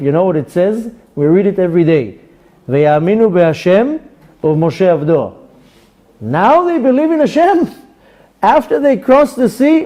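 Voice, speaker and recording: A man, a rabbi, teaching a Torah class to a live audience and acting out little dialogues as he goes. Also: a little high. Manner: animated, acts out dialogues.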